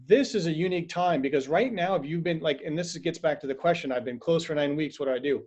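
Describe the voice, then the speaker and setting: A man chatting casually on a video call, telling stories with animated acted-out quotes. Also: on the high side, quick pace, hardly any pauses. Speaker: acupuncturist and host. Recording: dull lo-fi video call audio.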